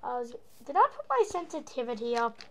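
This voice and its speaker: A woman's voice: a little high, big pitch swings, brisk, slight background noise, poor audio. A woman from Australia speaking with a put-on American accent, rambling playfully through gameplay commentary as a gaming channel host. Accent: American, put on over an Australian one. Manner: rambling, playful, making silly noises.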